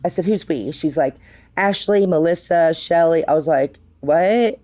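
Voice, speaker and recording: Low-pitched woman, middle-aged, chatty storyteller, lots of "like". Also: a little slow. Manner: animated, acts out quotes, says "like" a lot. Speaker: bar co-owner, guest. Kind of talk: casual storytelling. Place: podcast studio.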